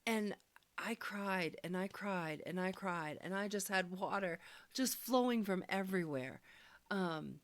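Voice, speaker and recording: A woman sharing a personal healing testimony, speaking in an earnest, searching, soft-spoken way. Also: medium pitch, measured pace, no echo.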